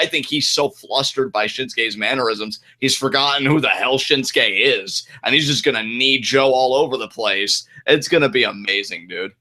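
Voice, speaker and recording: A man co-hosting a podcast in casual, excitable chat, full of "like" and "dude". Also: mid-range voice. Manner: excitable, loose, peppered with "like" and "dude". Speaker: podcast co-host.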